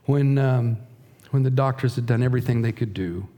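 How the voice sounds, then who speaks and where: A middle-aged man preaching a sermon, earnest and slow, dropping to a hush at times. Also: mid-range voice. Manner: earnest, slow emphatic delivery with soft, hushed passages. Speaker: pastor.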